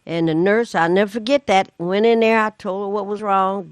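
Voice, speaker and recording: A woman co-hosting a community talk show, telling stories in a casual, animated way and acting out the voices of the people in them. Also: mid-range voice, brisk, smooth, no room sound, clean studio sound. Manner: animated storyteller, acts out voices. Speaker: community radio co-host. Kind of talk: casual storytelling chat.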